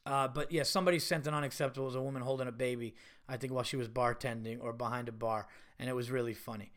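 A man hosting his own podcast, telling profane, animated stories with laughs in a casual, unscripted way. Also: medium pitch, very fast. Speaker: podcast host and stand-up comedian. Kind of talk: casual solo podcast storytelling.

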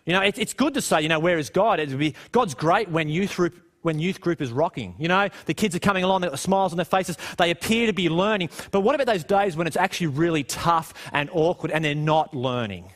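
Chatty male preacher, fairly high voice. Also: expressive, fast, hardly any pauses. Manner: conversational, rhetorical questions, voice drops low and quiet on dark moments. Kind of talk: sermon. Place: church.

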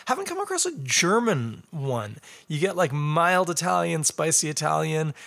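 A man's voice: a little high, big pitch swings, normal speed, gravelly, fairly bright tone. Rambling, chatty man. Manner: rambling, chatty, with joking asides. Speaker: beer reviewer. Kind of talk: casual livestream chat.

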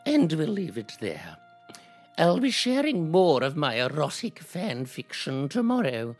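A performer putting on a posh elderly English actress, reading fan fiction in a deadpan comic style. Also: medium pitch, a little slow, soft background music, heavily acted. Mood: prim.

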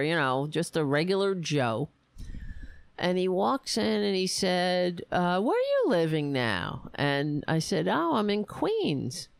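A woman delivers ranting political commentary, blunt and quick to swear. Her voice sits low but swings widely in pitch. She talks slowly into a dry, close mic. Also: dry recording. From Staten Island, New York. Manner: blunt, indignant, swears freely.

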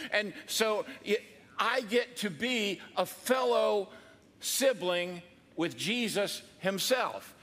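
A male pastor preaching in a bright, forceful voice that sits high for a man. He keeps it conversational and joking, and his words ring out with a long hall reverb. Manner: conversational and joking, with quoted asides. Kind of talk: sermon.

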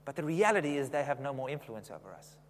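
A man's voice: medium pitch, very animated, fast talker, in a large hall, slight background noise. A man preaching a sermon in a conversational way, often asking the congregation questions.

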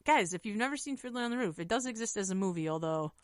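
A woman co-hosting a podcast about musical theater, telling stories in a chatty, animated way full of fillers. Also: mid-range voice, quick pace, dry recording, studio quality. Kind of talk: casual chat.

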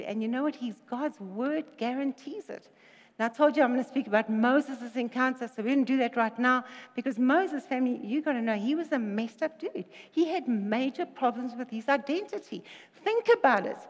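A woman delivers a lively sermon, retelling a story with jokes and quick asides. Her voice sits high, and a long reverb trails behind it from a large hall. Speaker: preacher.

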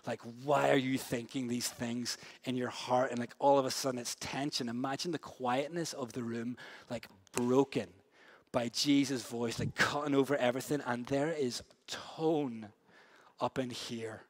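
A man preaching a sermon in a casual, slangy way, swinging between loud, quick bursts and hushed, slow stretches. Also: mid-range voice. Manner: lively storytelling, big swings from loud and fast to hushed and slow; casual, slangy delivery with many "like" and "yo" asides.

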